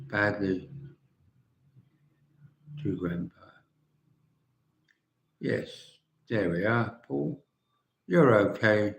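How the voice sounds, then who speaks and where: A man's voice: fairly low pitch, creaky, echoey room, rough recording. An older man from England hosting a live stream, chatting casually and answering viewer comments with dry humour. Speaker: livestream host.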